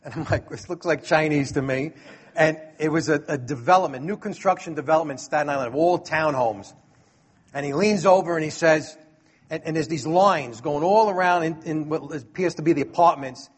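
Husky high-voiced New man. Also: fairly quick. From Brooklyn, New York. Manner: lively, acts out dialogue, chuckles. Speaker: storyteller. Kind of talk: personal storytelling.

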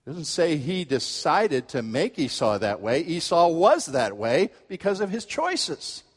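Animated male preacher in a reverberant hall. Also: a little high, unhurried, breathy edge. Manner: animated storytelling, acts out quoted voices. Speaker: pastor. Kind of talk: sermon.

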